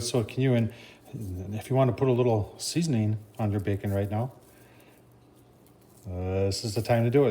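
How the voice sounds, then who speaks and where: A man hosting a casual cooking vlog, talking folksy and chatty and often addressing viewers as folks. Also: medium pitch. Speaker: cooking channel host.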